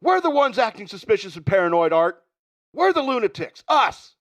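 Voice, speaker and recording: A man's voice: high-pitched, sing-song, moderate pace, fairly bright tone, voice pushed up. A man doing an impression of a frantic suburban man who shrilly rants at his neighbor.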